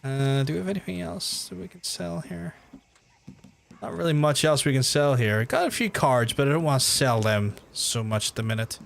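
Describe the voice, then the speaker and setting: Chatty man with a softened Belfast accent. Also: mid-range voice, normal speed, creaky, slight background noise. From Northern Ireland. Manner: chatty, swears freely, many restarts. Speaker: streamer. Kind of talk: casual gameplay commentary.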